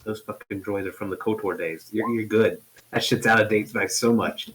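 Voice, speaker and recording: Low-voiced joking male player. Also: fairly even intonation, normal speed, a bit bright, far from the mic, low-quality recording. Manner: joking, offhand, swears. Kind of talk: casual tabletop game chat.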